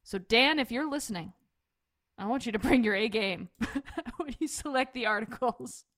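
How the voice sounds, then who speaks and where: A woman's voice: a little high, expressive, moderate pace, fairly bright tone, no room sound, studio quality. Playful woman podcast host. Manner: laughs often, playful. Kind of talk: casual chat.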